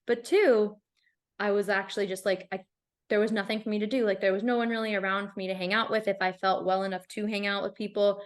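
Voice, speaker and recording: This is a young woman in casual podcast conversation, chatty and open. Her pitch sits in a middle range for a woman, and her talk is loose and full of "like" fillers. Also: fast talker. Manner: chatty, frequent "like" fillers, animated. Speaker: podcast guest. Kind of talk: casual chat.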